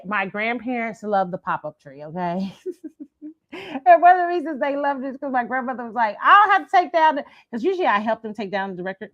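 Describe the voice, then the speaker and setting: Casting: a chatty woman host, mid-pitched, casual talk full of "okay?" check-ins, on slightly muffled audio. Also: a bit bright, dry recording. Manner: chatty, tag questions of "okay?", quick laughs. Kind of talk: casual chat commentary.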